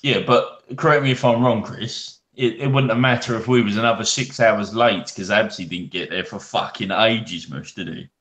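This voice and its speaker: A man's voice: on the low side, normal speed, few pauses, fairly bright tone. A British man co-hosting a casual podcast, teasing his friends in laid-back slang. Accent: British English. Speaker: podcast co-host. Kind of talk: casual chat. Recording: echoey room.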